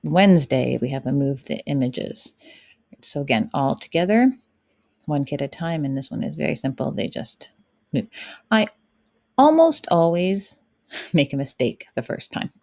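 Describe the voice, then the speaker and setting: A woman teacher explains her online lessons step by step in a chatty tutorial. Her voice sits low and mellow with a gravelly edge. The sound is dry and close, as if recorded at a home computer. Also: big pitch swings, moderate pace, long pauses, dry recording. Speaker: kindergarten teacher. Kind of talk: tutorial walkthrough.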